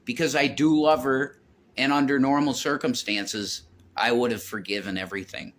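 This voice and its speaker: A man's voice: mid-range voice, steady tone, moderate pace, fairly bright tone, slight background noise. A middle-aged man rambling to his viewers, telling a personal story in a heated, profane way with constant swearing. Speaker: vlogger.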